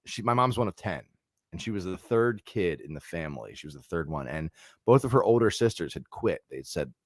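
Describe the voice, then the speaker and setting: A man from Philadelphia, a comedian guest on a podcast, telling a story in casual chat, animated and profane with many restarts and fillers. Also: low voice, fairly quick, no room sound, clean studio sound.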